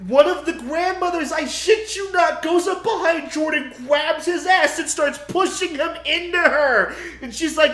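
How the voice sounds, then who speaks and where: A young man co-hosting a podcast, retelling a movie plot in loud, profane, animated bursts and acting out screams. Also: extremely high pitch, moderate pace, roomy sound. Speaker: podcast co-host.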